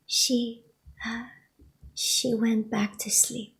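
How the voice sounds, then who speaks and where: A woman, a spiritual teacher, telling a personal story in a soft voice that often drops to a whisper. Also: on the high side, level tone, very slow, pauses often.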